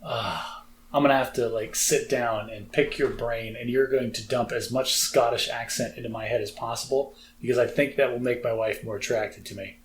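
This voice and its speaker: A man's voice: medium pitch, steady tone, normal speed, slight background noise. An American man co-hosting a podcast, talking in a chatty, self-deprecating way with lots of fillers. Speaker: podcast co-host. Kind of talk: casual chat.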